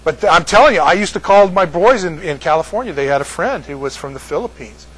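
Husky high-voiced older man storyteller. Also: animated, quick pace, a bit bright, rough recording. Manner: rambling, repeats words, laughs at own story. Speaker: speaker addressing a group. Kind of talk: casual storytelling.

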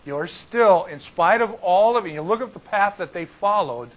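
Guy pastor doing casual bible study, kinda high voice, folksy and animated, lots of restarts. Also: moderate pace, poor audio. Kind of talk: informal Bible study teaching.

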